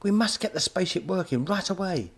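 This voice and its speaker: A man doing a breathless, high young boy. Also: expressive, brisk, breathy edge. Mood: urgent. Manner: shouting, breathless urgency. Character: excitable young boy hero.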